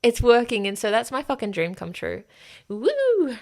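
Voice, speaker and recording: A woman's voice: medium pitch, brisk, gravelly, a little mellow. A woman hosting a solo podcast, talking frankly and emphatically and swearing freely. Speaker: podcast host. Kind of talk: candid solo podcast monologue.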